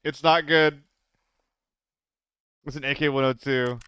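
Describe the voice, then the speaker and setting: A man's voice: mid-range voice, steady tone, measured pace, pushed and bright, clean tone. A young man live-streaming a shooter game, chatting loosely with viewers, swearing and getting flustered in fights. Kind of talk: casual live-stream chat while gaming.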